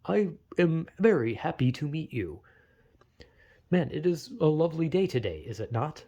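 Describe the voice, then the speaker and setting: A man putting on the voice of a stiff, robotic, overly polite ordinary man who talks in flat, stilted, formal sentences. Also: fairly high pitch, moderate pace, dull audio.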